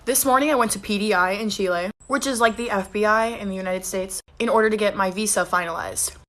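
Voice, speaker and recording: A young woman telling a funny story to her phone camera, in a fast and lively way. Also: mid-range voice.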